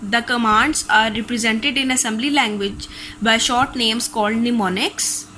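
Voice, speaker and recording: A woman's voice: on the high side, steady tone, normal speed, bright, forceful tone, slight background noise, rough recording. A woman teacher with a Pakistani accent, reading a recorded class lecture steadily from textbook notes.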